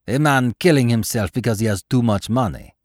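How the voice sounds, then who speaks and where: A man voicing a middle-aged male baron, loud, excitable and hearty. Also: medium pitch, fairly quick, no room sound, clean studio sound, close to an everyday voice. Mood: tickled.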